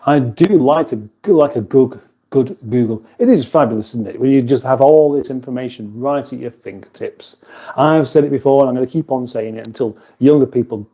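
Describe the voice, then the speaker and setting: In his home kitchen, a livestream host chats casually and reads out viewer comments. His dark, mid-range voice moves briskly as he rambles, chuckles, and cuts himself off mid-thought.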